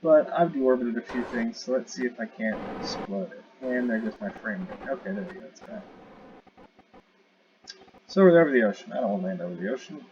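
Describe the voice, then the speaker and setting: A man's voice: mid-range voice, expressive, brisk, a little mellow. A man giving casual, rambling commentary while playing a space game, correcting himself and joking as he goes. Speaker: gamer showing a space game. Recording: dull lo-fi audio with clear noise.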